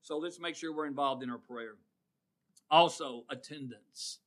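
A man preaching a sermon, drawing call-and-response from his congregation and swinging from loud to hushed. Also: fairly high pitch, unhurried.

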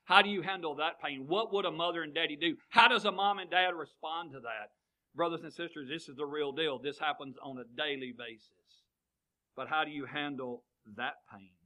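Pastor, fifties, man, bright ringing voice, a little high, sermon full of questions. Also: a little fast, poor audio. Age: 50s. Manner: asks the congregation question after question.

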